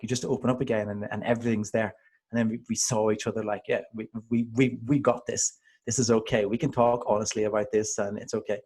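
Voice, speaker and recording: A man in his thirties, a father of two daughters, telling personal stories in casual conversation in an earnest, animated way. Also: lowish voice.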